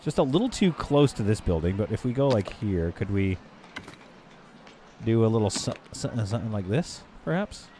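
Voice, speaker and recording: A fairly low, warm voice with a sing-song lilt belongs to a man chatting casually on a game stream. He rambles, jokes with his audience, and fumbles through halting French, correcting himself as he goes, over a little hiss or hum.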